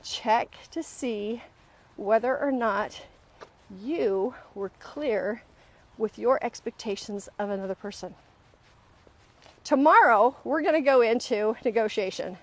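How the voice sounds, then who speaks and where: A woman's voice: a little high, slow. A middle-aged woman hosting a live self-help session, talking casually and with plenty of animation to her audience, and often acting out the voices of people in her stories. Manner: animated storyteller, often acts out quoted voices. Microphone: livestream camera mic.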